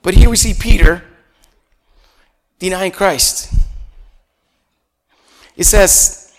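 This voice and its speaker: A man's voice: high-pitched, extremely slow. A man from Puerto Rico preaching a conversational sermon as pastor, chatty and full of rhetorical questions. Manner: chatty, asks the congregation rhetorical questions, chuckles often.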